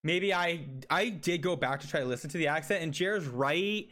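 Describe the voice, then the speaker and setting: A man with a somewhat high voice chats casually as a podcast co-host. He talks in long, rambling runs and laughs often. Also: a little fast, a bit bright. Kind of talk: casual chat.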